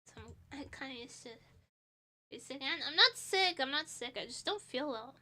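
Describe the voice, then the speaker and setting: A young woman streaming with a high voice and a nasal, sniffly sound from a stuffy nose. She talks in a loose, rambling way and pokes fun at herself. Her tone is bright and clear. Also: expressive, moderate pace. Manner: rambling, self-deprecating, laughs often. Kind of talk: casual chat.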